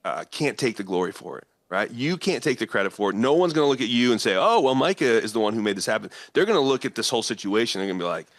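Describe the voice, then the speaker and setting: Lively Midwestern man telling a story. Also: mid-range voice, fast, few pauses, no echo, studio quality. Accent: American Midwestern. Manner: acts out quoted voices, laughs often. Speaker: guest, politician and former pastor. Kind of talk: animated storytelling in conversation.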